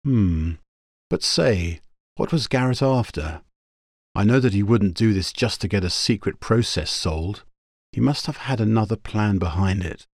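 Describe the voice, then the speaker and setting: A man playing a tough young space hero, talking in brisk questions. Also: lowish voice, animated, darkish tone, dry recording, clean studio sound. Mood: alert.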